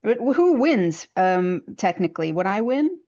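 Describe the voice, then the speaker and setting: A woman joins a tabletop game as a player, her pitch swinging widely as she talks. She fires off chatty questions at the game master. Her voice comes through slightly dull and muffled on the stream. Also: sing-song, normal speed, warm tone. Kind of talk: casual tabletop play.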